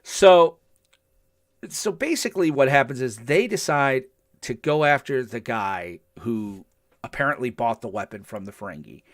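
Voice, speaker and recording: Brief: older male podcast host, mid-pitched, lively recaps with acted-out quotes. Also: moderate pace. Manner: animated storytelling, acts out quotes. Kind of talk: casual podcast chat.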